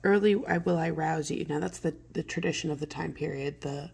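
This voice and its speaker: A woman teacher walks students through a play, reading lines and retelling them in easy everyday words. Her voice sits low with a gravelly edge. It also has a husky texture, and she keeps clearing her throat. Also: level tone, fairly quick, a little mellow. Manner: conversational, paraphrases lines in plain modern words. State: throat clearing from morning allergies.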